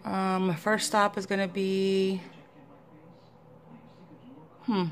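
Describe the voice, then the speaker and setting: A woman's voice: flat delivery, very slow. A young woman talking casually to her viewers in a vlog, often slipping into baby talk with her pet. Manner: chatty, swoops into high baby talk with her dog. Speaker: vlogger.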